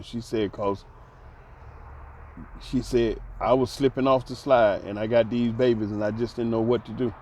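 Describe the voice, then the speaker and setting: A man telling a personal story in a casual monologue, laughing often and dropping to soft low tones, repeating words for emphasis. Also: steady tone, moderate pace, slight background noise. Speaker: host.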